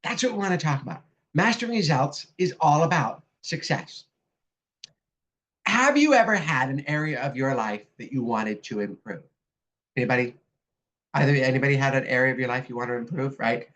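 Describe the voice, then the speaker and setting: A woman life coach giving an upbeat, animated online workshop presentation over a video call. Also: very deep voice, normal speed. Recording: dull lo-fi video call audio.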